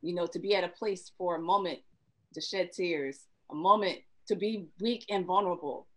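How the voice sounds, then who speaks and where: A woman's voice: lowish voice, moderate pace, a bit bright, rough recording. A woman therapist speaking earnestly in a panel discussion, choked up and emotional.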